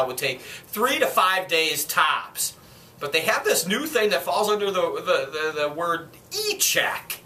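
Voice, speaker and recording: A man's voice: fairly high pitch, pushed and bright. Rambling chatty man, Minnesota accent. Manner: rambling and chatty, with frequent fillers and self-corrections; gripes with mild swearing. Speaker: collector selling and trading items. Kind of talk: casual unscripted vlog.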